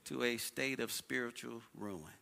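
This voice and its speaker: A man's voice: mid-range voice, unhurried, creaky, sharp tone. A male pastor preaching a sermon in a church, leading his congregation in call-and-response with energy.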